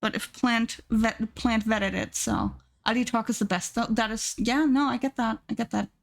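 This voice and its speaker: A woman streaming live and chatting casually with her viewers, repeating herself and gushing in high squeals. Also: steady tone, normal speed, vocal fry.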